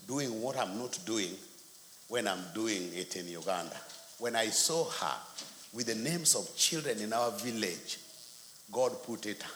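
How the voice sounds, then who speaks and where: A man from Kenya, preaching a sermon and telling stories with acted-out quotes and sound effects. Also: lowish voice. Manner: animated storytelling, acts out quotes. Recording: echoey hall, faint noise.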